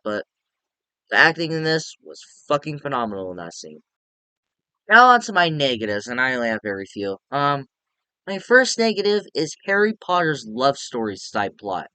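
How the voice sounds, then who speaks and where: A man rambles through a casual movie review, cursing freely and getting animated. His voice is bright and crisp. The sound is dry and close, with no room around it. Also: medium pitch, a little fast, dry recording.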